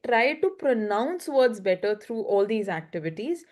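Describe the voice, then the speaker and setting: A woman talks in a relaxed podcast chat. She explains and advises at length in a fairly high voice. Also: normal speed. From India.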